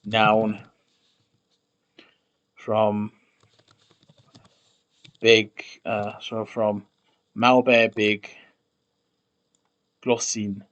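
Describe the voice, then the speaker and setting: A man's voice: lowish voice, little pitch movement, very slow, pauses often, a bit bright, dull audio. A man streaming himself building a made-up language, thinking aloud while typing, muttering and repeating words to try them out. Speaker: conlang streamer.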